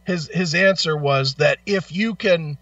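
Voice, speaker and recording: A man with a bright, tense, slightly high voice swears his way through a story in animated casual chat, in back pain. The sound is dry but dull and lo-fi, as if he sits some way off the mic. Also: unhurried, no echo, far from the mic. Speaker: radio show co-host.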